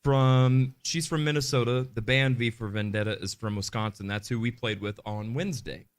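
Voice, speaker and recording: A man's voice: medium pitch, steady tone, moderate pace. Chatty man co-hosting a live podcast. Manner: chatty, upbeat, reads viewer comments aloud. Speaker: podcast co-host. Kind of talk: live podcast chat reading comments.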